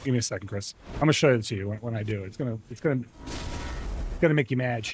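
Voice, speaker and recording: A man's voice: mid-range voice, fast, noisy background. A man streaming games, chatting casually with his viewers, rambling and laughing often. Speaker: gaming streamer. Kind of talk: casual livestream chat.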